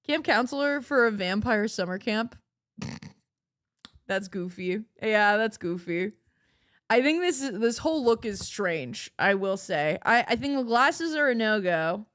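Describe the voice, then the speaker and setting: A woman livestreamer chats casually, playful and giggly, laughing often as her voice cracks. Her medium-pitched, slightly bright voice is animated yet slow, captured in clean studio sound with no room echo.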